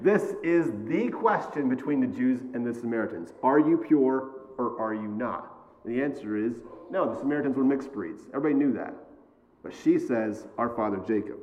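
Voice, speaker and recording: A man's voice: mid-range voice, expressive, normal speed, a little mellow, a little hiss or hum. A man preaching a sermon in a conversational way, often checking in with "all right?" and "okay?", with some self-deprecating humor. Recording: long reverb, dull lo-fi sound.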